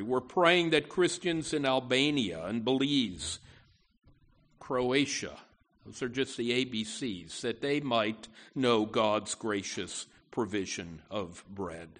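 A man's voice: medium pitch, expressive, slow pace, fairly bright tone. A man preaching a sermon in an earnest way, often repeating words and saying "you know" as he talks. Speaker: pastor.

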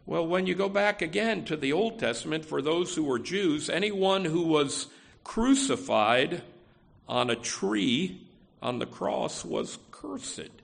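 A man's voice: fairly high pitch, expressive, slow pace, creaky. A man preaching a sermon in a conversational way, often saying "you know" and restarting phrases. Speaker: pastor.

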